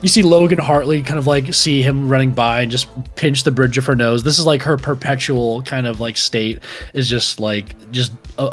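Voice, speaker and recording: A young man as game master, narrating a tabletop game in a rambling way full of fillers. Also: medium pitch.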